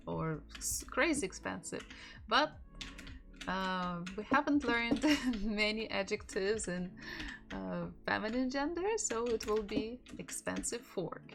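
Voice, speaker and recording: Slow-paced Russian woman teaching. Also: mid-range voice, vocal fry. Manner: slow, drilling words by repetition. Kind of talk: live-streamed language lesson.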